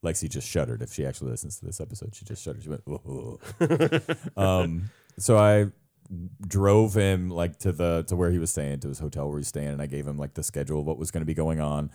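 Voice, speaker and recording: A man's voice: a bass voice, lively intonation, a little fast, warm tone. A young man co-hosting a podcast, telling a long funny story in casual chat, laughing often and mimicking other people's voices. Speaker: podcast co-host.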